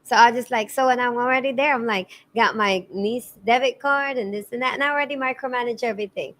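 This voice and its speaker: Woman, Filipino accent, middle-aged, somewhat high voice, earnest storytelling, stumbles and restarts. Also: fast talker, a bit bright. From Philippines. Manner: earnest, tumbling restarts and repeated words. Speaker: podcast guest. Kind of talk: emotional storytelling in conversation.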